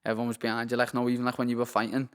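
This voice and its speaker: A man's voice: mid-range voice, monotone, very fast, fairly bright tone, clear, resonant tone. A young man with a Liverpool accent, a professional boxer chatting as a guest in a rambling, sweary way and saying "lad" constantly. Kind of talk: casual interview chat. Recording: long hall reverb.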